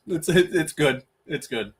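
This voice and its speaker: A man's voice: on the high side, breathy edge. A man co-hosting a podcast in casual chat, telling stories animatedly and laughing often. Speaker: podcast co-host.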